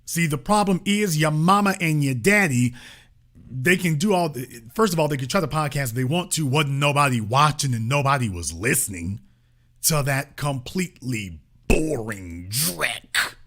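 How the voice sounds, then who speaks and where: A man's voice: fairly high pitch, expressive, normal speed, fairly bright tone. A man hosting a political commentary show, delivering an emphatic, sarcastic, colloquial monologue. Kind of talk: opinionated monologue.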